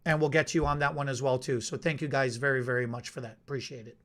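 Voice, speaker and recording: A man hosting a live stream, talking in a halting way with many repeated words. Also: mid-range voice, steady tone. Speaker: podcast host.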